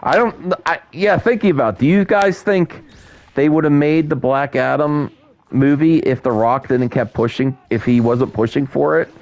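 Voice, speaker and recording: A man's voice: on the high side, moderate pace, darkish tone, lo-fi sound. Rambling man streaming with a headset. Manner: rambling, restarts, talks to chat viewers. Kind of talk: casual live-stream chat while gaming.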